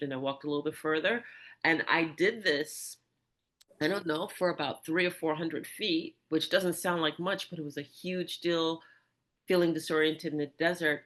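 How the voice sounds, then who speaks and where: A podcast host telling a personal story in casual conversation, animated, with frequent restarts and asides. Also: mid-range voice.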